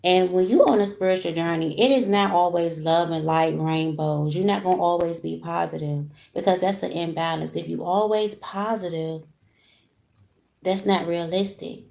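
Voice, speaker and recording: A woman's voice: on the low side, normal speed, gravelly, a little mellow. A woman giving a casual live tarot reading at home, talking straight to her viewers with slang. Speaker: tarot card reader. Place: home room with heat on.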